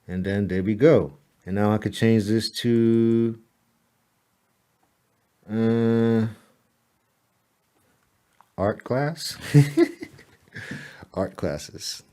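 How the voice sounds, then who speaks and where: A man giving a casual, chatty tutorial on editing a website, laughing at himself now and then and saying "all right" a lot. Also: clean tone. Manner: relaxed, chatty, repeats "all right" and "boom"; laughs at himself, mutters to the slow computer. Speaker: web designer walking a client through site editing. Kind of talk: casual screen-recorded tutorial.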